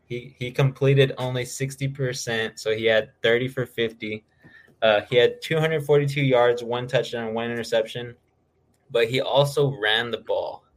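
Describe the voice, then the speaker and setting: A man's voice: medium pitch, steady tone, normal speed. A man co-hosting a podcast, casually talking through player stats with plenty of filler uhs. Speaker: podcast co-host. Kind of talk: casual fantasy football chat.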